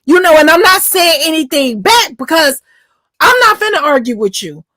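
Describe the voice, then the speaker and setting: A woman's voice: high voice, very animated, normal speed, pushed and bright, no echo. A woman with a Chicago accent, bluntly telling a jail story in casual stream chat, swearing freely.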